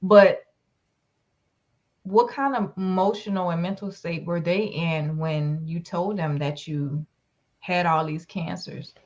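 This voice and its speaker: A woman's voice: lowish voice, steady tone, takes it slowly, darkish tone, highs cut off. A woman hosting an interview, asking questions in a rambling, affirming way with many fillers. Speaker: talk show host. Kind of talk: casual interview chat.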